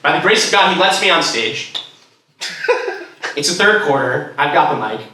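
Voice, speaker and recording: A young adult stand-up comedian with a fairly high, sharp, expressive voice tells a rambling, filler-heavy story at normal speed. He's picked up by a distant mic in a large echoey room, with noise and audience laughter in the background.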